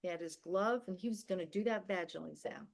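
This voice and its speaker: Older guest woman, low voice, candid storytelling, emphatic and vivid. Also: fast, gravelly. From America and the Philippines. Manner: vivid, emphatic storyteller who acts out quoted dialogue. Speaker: podcast guest.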